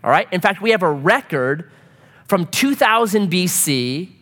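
A middle-aged man preaching a joking, animated sermon to a congregation. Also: sits high, unhurried. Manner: animated, joking, acts out quoted voices. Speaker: pastor. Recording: reverberant hall.

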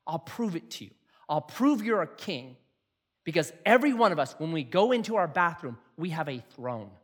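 A middle-aged man preaching a sermon in a jokey, animated way, acting out quotes. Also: a little high, normal speed. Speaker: pastor.

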